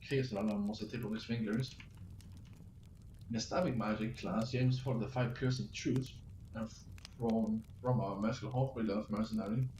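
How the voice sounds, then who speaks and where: A man with a fairly low voice reads his own fantasy story aloud, tripping over words and restarting lines. He sits a little back from the mic in an echoey room with a faint hiss behind him. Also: a little mellow. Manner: halting, stumbling reading with restarts. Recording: roomy, distant mic with faint noise.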